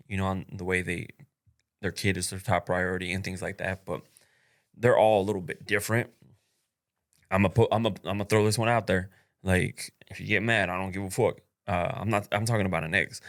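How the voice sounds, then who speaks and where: A young man with a fairly low voice hosts his own podcast and talks straight to the listener. He is blunt and swears freely, laughs between his points, and fills his sentences with "like" and "uh". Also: fairly bright tone. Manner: blunt and profane, laughs often, many fillers. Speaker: podcast host. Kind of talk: casual solo podcast monologue.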